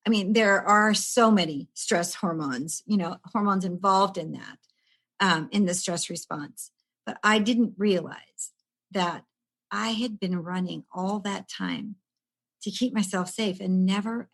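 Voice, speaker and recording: A woman's voice: medium pitch, unhurried. A woman in her sixties, a stress management coach, telling her own story in a casual podcast chat and acting out the voices of the people in it. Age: 60s. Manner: animated storyteller who acts out quoted voices with laughs.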